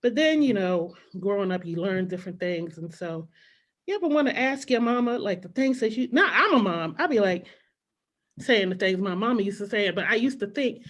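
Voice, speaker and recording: Woman doing stand-up, animated storytelling, jumps into voices for her mom and kid self, middle-aged. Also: medium pitch, moderate pace, lo-fi sound. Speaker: stand-up comedian. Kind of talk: stand-up comedy set. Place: comedy club stage.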